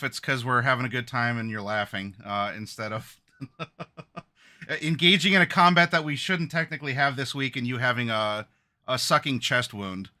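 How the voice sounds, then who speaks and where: Man, game master, casual chat, bright voice, lots of uhs and laughs. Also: mid-range voice. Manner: chatty, filler-heavy, laughs often.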